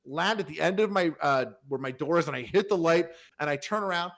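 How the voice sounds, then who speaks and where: A man's voice: a little high, a little fast, creaky, a bit bright. A man telling a long, rambling story on a podcast in casual chat, swearing freely and full of fillers. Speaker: podcast panelist.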